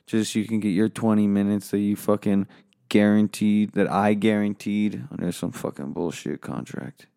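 A man's voice: lowish voice, fairly even intonation, normal speed, creaky, dark tone, smooth, dry recording, clean studio sound. A man giving a profane comedic rant, weary and bitter, flaring into angry outbursts.

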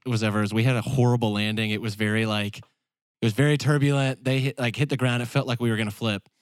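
An upbeat man co-hosting a casual podcast chat, animated as he tells stories. His voice is mid-pitched. The recording is close and dry. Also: fast, no room sound. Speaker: podcast co-host.

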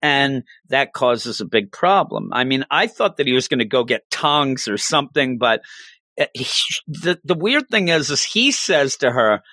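A man's voice: medium pitch, normal speed, dry recording. A man chatting casually as a co-host, recapping an episode with lots of laughter and acted-out quotes. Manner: animated, laughing, acts out quotes.

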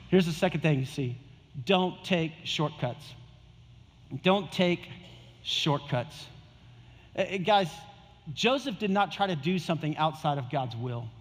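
A man's voice: sits high, in a large hall. A male pastor preaching a sermon in a casual, conversational way, repeating his key phrases.

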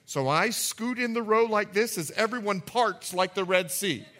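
A man preaching a sermon as pastor, telling a story with jokey asides and swinging between loud and hushed delivery. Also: sits high, animated, normal speed.

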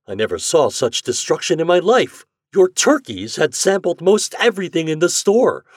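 A man's voice: mid-range voice, breathy edge, no room sound, studio quality, voice pushed up. A man playing a blustering, furious shopkeeper. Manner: loud and blustering. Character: enraged middle-aged male market man.

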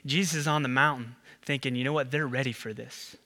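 A man preaching a sermon as pastor, animated, acting out the people in the story. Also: a little fast, long reverb tail. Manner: animated, acts out the disciples and Jesus with rising pitch.

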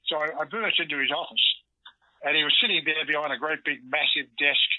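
An older Australian actor, heard over a phone line, telling lively anecdotes and acting out the lines he quotes. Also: on the high side, brisk, no room sound. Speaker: guest actor. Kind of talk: storytelling interview. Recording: dull lo-fi phone audio.

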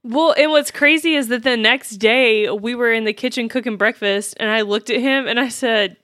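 A woman's voice: fairly high pitch, moderate pace, fairly bright tone, dry recording, studio quality. A woman co-hosting a podcast in casual chat, playful and teasing. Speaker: podcast co-host.

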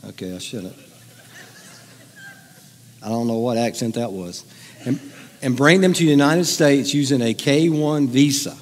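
Middle-aged male pastor, playful conversational sermon delivery, mid-pitched voice, reverberant hall sound. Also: moderate pace. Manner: joking, conversational, teasing the audience. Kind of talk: humorous sermon to a congregation. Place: church hall with audience.

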